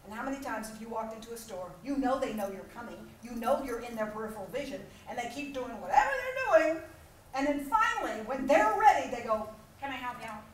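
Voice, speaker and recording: A middle-aged woman delivers a motivational keynote with a high voice that swoops up and down. She plays out small scenes with laughter. She is heard from a distance in an echoey hall. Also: fast, slight background noise. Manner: animated and humorous, acting out little scenes with laughter. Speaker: keynote speaker. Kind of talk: motivational conference talk. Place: large conference hall.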